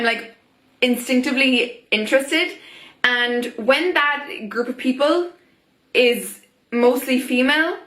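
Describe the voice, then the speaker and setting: A young woman talking casually to camera in an opinion vlog, chatty and animated, full of "like" and "oh my god". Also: fairly high pitch, reverberant. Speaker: vlogger.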